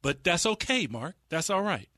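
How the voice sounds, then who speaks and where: A man hosts a casual chat with a bright, fairly high voice, playful and full of slang. He pushes his points with hyped confidence. The sound is dry and close. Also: big pitch swings, normal speed, no echo. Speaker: host.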